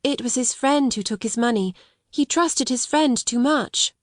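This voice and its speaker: A woman reading the part of a quiet, sad young orphan girl in an audiobook, steady and unrelenting. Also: fairly high pitch, measured pace, no echo, studio quality, pitched above the performer's own voice, natural voice.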